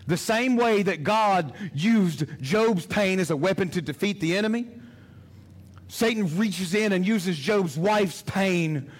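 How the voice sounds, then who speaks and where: A male pastor preaching a sermon in an impassioned, emphatic way, often repeating his phrases. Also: sits high.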